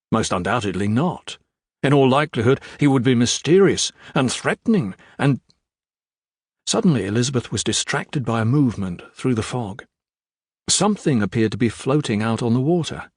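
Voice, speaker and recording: A man reading a children's adventure audiobook in measured, expressive narration. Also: medium pitch, dry recording, studio quality. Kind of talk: scripted narration.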